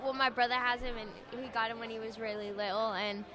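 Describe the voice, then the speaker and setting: Speaking fast in a steady, somewhat high voice, this young English singing contestant answers radio interview questions softly and hesitantly. Fillers pile up as she trails off, and the recording carries the chatter of a busy event crowd.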